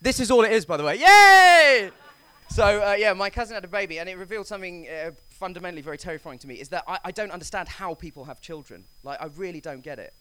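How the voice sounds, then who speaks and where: A man's voice: high-pitched, very fast, hardly any pauses, fairly bright tone, dry recording. A man with a posh English accent doing a stand-up comedy routine, rambling and correcting himself. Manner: rambling, self-correcting, nervous-jokey asides.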